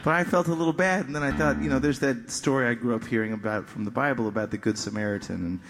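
A male musician tells a meandering, self-deprecating story from the stage, tripping over his words and restarting. His voice sits at an ordinary middle pitch. A long hall reverb trails each phrase. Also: quick pace, fairly bright tone, soft background music. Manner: rambling, self-deprecating anecdote with stammered restarts. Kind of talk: stage banter between songs. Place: live concert venue.

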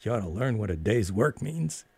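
A man's voice: fairly low pitch, very animated, moderate pace, gravelly, warm tone, breathy edge, dry recording, studio quality, full character voice. A man voicing a stern, nagging middle-aged mother who scolds sharply. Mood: scolding.

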